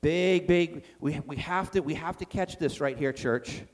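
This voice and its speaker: A man's voice: a little high, expressive, measured pace, few pauses. A man preaching a sermon to his church in a conversational way, acting out the quotes he reads with swings in volume. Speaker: pastor.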